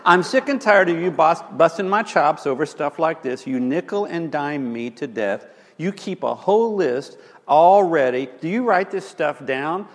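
A man's voice: fairly high pitch, lively intonation, normal speed, long reverb tail, close to an everyday voice. A man voicing an irritated, defensive husband in an illustration, sarcastic and mock-groveling.

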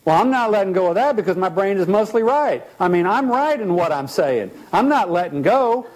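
A man's voice: high-pitched, lively intonation, brisk, a little mellow, poor audio. A man acting out a stubborn, defensive client. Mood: defiant. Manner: insistent, defensive. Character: stubborn, resentful adult client refusing to let go.

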